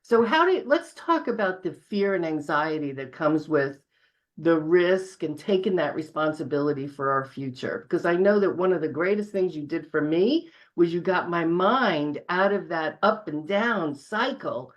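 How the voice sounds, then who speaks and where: Lower-voiced woman on a muffled line. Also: normal speed. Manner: candid, animated in quoted asides. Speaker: guest client. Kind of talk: casual conversation. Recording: slightly dull, muffled sound.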